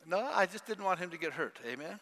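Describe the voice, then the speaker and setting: An older man preaching a sermon, emphatic and animated, questioning the congregation. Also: high-pitched, fast talker. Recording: long hall reverb.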